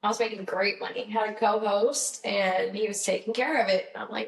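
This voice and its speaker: A woman's voice: mid-range voice, fairly even intonation, normal speed, gravelly. A young woman from Georgia with a Southern accent, telling stories in an upbeat, chatty interview with lots of fillers. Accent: Southern American. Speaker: guest musician. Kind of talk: casual interview chat. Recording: roomy, slightly distant mic.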